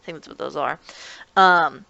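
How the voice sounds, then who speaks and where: A woman giving a casual spoken review of an anime episode, talking quickly and excitedly with many restarts. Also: low-pitched, vocal fry, no room sound, highs cut off. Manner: rapid, excitable talk with many restarts and laughs.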